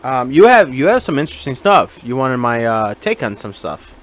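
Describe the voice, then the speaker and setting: A man's voice: medium pitch, very animated, normal speed, a bit bright. A young man co-hosting a podcast in casual chat, laid-back and jokey, acting out quoted voices. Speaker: podcast co-host.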